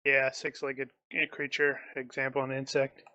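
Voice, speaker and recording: A man playing at a tabletop game, chiming in with quick asides. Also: medium pitch, completely flat delivery, sharp tone. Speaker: player. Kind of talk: casual table talk. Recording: dry, dull lo-fi mic.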